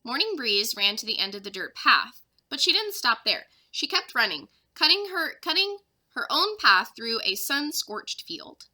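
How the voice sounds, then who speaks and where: A woman's voice: a little high, a little slow. A young woman, a third-grade teacher, expressively reading a children's chapter book aloud to her class. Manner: expressive storyteller.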